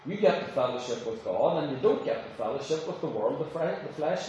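A man's voice: a little high, big pitch swings, brisk, few pauses, a little mellow. A preacher delivers a sermon from some way off the mic, his voice ringing around a very reverberant church. He moves from casual storytelling into emphatic, rising declarations, with a faint room hum underneath. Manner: conversational storytelling with emphatic rises. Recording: echoey room, voice from a distance.

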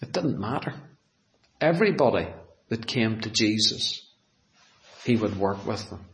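A man preaching a sermon, dramatic and full of rhetorical questions, swinging from loud to hushed. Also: fairly low pitch, lively intonation, unhurried. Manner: asks the audience rhetorical questions. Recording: echoey room.

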